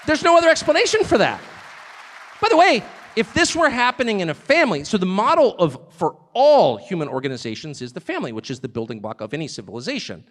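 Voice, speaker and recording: A man giving an animated, sarcastic, off-the-cuff speech to a live audience. He digresses and laughs at his own jokes. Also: high voice, quick pace, some chatter behind. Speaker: speaker addressing a live audience abroad. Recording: long reverb of a large hall.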